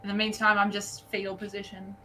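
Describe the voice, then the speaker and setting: A woman's voice: medium pitch, completely flat delivery, fairly quick, sharp tone, a little hiss or hum, rough recording. A woman with an Australian accent playing a tabletop game, animatedly describing her character's actions. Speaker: player. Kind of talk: casual tabletop play.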